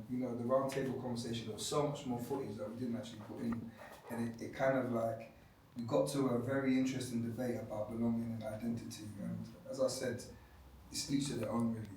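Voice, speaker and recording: Soft-spoken man in echoey room. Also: mid-range voice. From London, England. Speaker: panel speaker. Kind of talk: reflective discussion. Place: indoor room with an audience. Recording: echoey room, distant, faint hiss.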